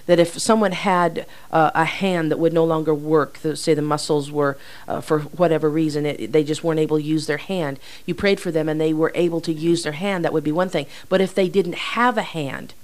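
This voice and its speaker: A woman's voice: low voice, steady tone, fairly quick, few pauses, a little mellow. Woman explaining faith with everyday examples. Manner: explains with homely examples, light laughs. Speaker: ministry teacher. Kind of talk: teaching talk on ministry.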